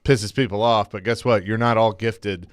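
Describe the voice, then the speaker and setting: A man co-hosting a casual sports talk radio show in a studio, opinionated, halting and restarting, reading listener texts aloud. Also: fairly low pitch, fairly even intonation, dry recording. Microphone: studio mic.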